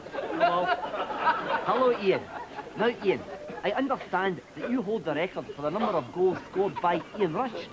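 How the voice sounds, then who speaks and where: A man with a Scottish accent playing a muddled, flustered football show presenter in a TV comedy sketch. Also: high voice. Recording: old TV recording with studio audience noise.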